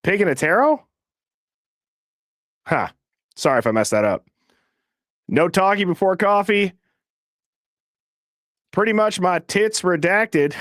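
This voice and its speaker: A man hosting a live call-in stream, talking fast and casually as he reads out viewer names. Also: sits high, lively intonation, dry recording, studio quality. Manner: fast, casual, shouting out names in quick succession. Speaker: host of a live call-in show.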